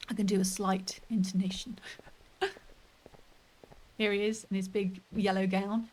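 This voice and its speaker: A woman's voice: medium pitch, level tone, slow, darkish tone, a little hiss or hum. A woman streaming a story game, thinking aloud and chatting casually as she plays. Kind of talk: let's play commentary. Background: faint game music.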